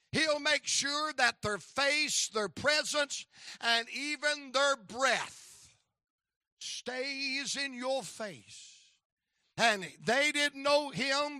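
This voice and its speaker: A man preaching a sermon in impassioned bursts, with rhythmic repetition and sudden shouts. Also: very high-pitched, dry recording, studio quality.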